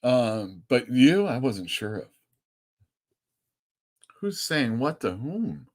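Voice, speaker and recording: A man's voice: medium pitch, big pitch swings, darkish tone. A man who owns a comic store, chatting loosely on a live stream, rambling and swearing casually. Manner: chatty and rambling, swears freely, quick laughs. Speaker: comic store owner and show host.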